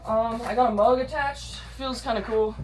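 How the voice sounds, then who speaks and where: A woman's voice: a little high, fairly even intonation, normal speed, darkish tone. A woman vlogging in a casual, rambling way, bubbly and self-deprecating, swearing freely and using a lot of slang. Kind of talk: casual chatty vlog.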